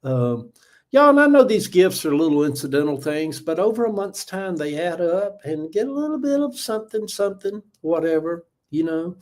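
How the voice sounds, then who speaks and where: Folksy older Southern man, mellow voice. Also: sits high, sing-song, moderate pace. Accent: Southern US (Georgia). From Georgia, US. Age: 70s. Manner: rambling, folksy, thanks viewers, trails off with many uhs. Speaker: livestream host. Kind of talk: casual livestream chat.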